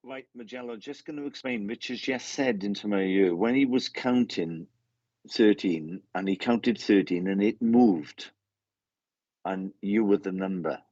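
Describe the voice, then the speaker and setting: A man with a low, husky voice gives a mediumship reading, passing on messages in halting bursts and restarting his words often. The sound is dry and a little dull, like a lo-fi recording. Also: warm tone, no room sound. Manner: halting, repeats words while relaying messages.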